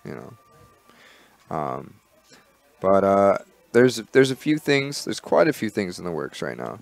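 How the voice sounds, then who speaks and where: Low, gravelly man chatting casually. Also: slow pace, no echo. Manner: relaxed, rambling, many fillers and restarts. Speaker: podcast co-host. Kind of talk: casual podcast chat.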